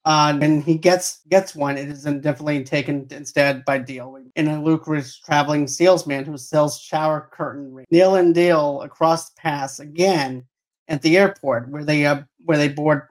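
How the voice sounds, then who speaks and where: Man animatedly retelling movie scenes. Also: fairly high pitch. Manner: animated retelling, acting out scenes in quick voices. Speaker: podcast co-host. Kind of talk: casual movie review chat.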